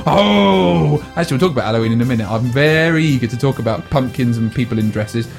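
A man's voice: medium pitch, rapid-fire, soft background music. A man hosting a comedy podcast, bossing his co-host around in mock-stern banter and reading silly news items. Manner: bossy, mock-stern teasing.

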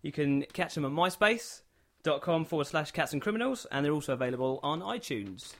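An English man co-hosting a comedy podcast, with a voice a bit on the high side. He reads a news story aloud, amused and breaking into laughter now and then. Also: animated, fairly quick, a bit bright. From England. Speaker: podcast co-host. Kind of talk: casual comic chat and reading news aloud.

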